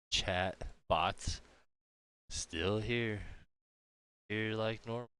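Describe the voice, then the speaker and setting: A man's voice: sits low, fairly even intonation, drawn-out words, sharp tone, clear, resonant tone, no echo. A man hosting a livestream, chatting casually in a rambling way with lots of fillers. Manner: rambling, filler-heavy, amused. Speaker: livestream host. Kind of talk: casual chat over a stream.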